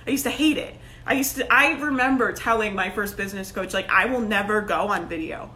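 Pitched in the middle and talking fairly fast, this woman coaches businesses and is running a live video for her Facebook group. Her motivational chat is loose and lively, full of laughter and peppered with "like" and "right."

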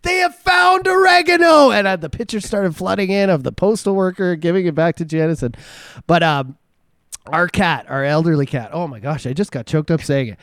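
A man's voice: fairly high pitch, brisk, dry recording, clean studio sound. A man co-hosting a casual podcast chat, telling stories with lots of fillers and restarts. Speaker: co-host.

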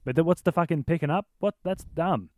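A man's voice: a little high, brisk, darkish tone, dry recording, studio quality. A man co-hosting a podcast in casual chat, blunt and incredulous, swearing freely. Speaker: podcast co-host.

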